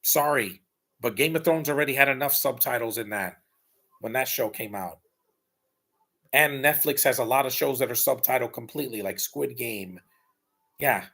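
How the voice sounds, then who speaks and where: A man's voice: mid-range voice, moderate pace, vocal fry, long pauses, bright, forceful tone, husky. A man giving casual, blunt and rambling live commentary while rewatching a film. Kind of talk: casual opinionated watch-along commentary.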